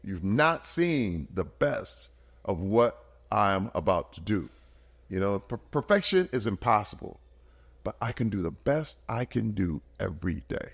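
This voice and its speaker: A man in his fifties, a podcast guest, telling stories in an emphatic, animated way in casual conversation. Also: on the low side, a little slow, gravelly. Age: 50s.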